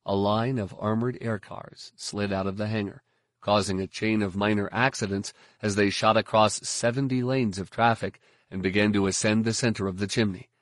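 A man reading scripted audiobook narration in a steady, even storytelling manner. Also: fairly low pitch, moderate pace, no echo, studio quality.

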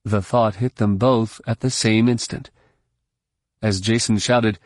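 A man reading scripted narration for an audiobook in a measured, steady storytelling manner. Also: lowish voice, no echo, clean studio sound.

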